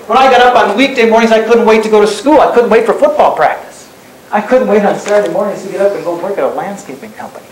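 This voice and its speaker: A man's voice: sits high, quick pace. A man giving a motivational talk to an audience, building up with repeated phrases and rhetorical questions. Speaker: speaker. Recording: very echoey hall, distant mic, faint noise.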